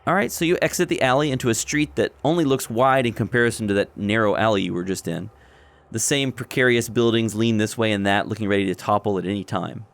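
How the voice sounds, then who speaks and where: A man running a tabletop game as game master, describing scenes in a relaxed way. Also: lowish voice, fast talker, gravelly.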